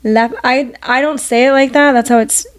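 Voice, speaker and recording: A woman's voice: high-pitched, fairly even intonation, moderate pace. A woman, co-hosting a podcast in a candid, casual chat, swearing freely. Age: 40s. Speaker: podcast co-host.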